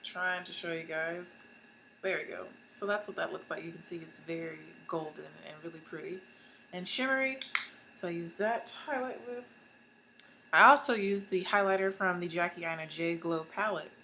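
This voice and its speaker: A young woman in her twenties walks viewers through a makeup tutorial in a bright, chatty way. She talks casually and happily, as a beauty vlogger talks to her followers. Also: on the low side, moderate pace, slight background noise. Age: 20s. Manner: chatty, upbeat and talkative. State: suffering hiccups.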